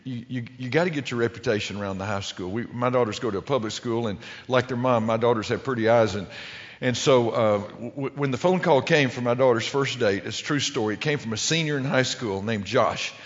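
A man's voice: medium pitch, brisk. A middle-aged man preaching a humorous sermon story in a folksy way, stumbling and restarting often. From American Midwest. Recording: muffled hall recording with long reverb.

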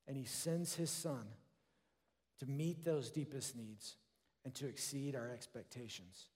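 A man preaching a sermon in an earnest way, with his voice falling softer when he voices prayers. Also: fairly high pitch. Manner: earnest, drops to a soft hush for quoted prayers. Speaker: pastor. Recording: long hall reverb.

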